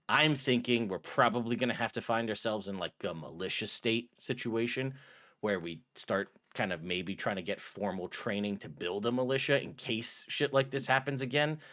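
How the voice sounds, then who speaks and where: A harried town official, as a game master plays him rushes through his words and keeps cutting himself off. The voice sits a bit low. It is tabletop role-play. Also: bright, forceful tone. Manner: rambling, rapid, self-interrupting. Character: harried male town official, fast-talking and overwhelmed. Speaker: dungeon master voicing a townsman.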